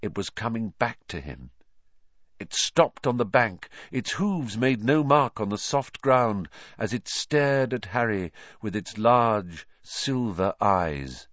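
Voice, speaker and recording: A man reading a fantasy novel aloud as an audiobook narrator, expressive and given to dramatic pauses. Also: lowish voice, no echo, muffled recording.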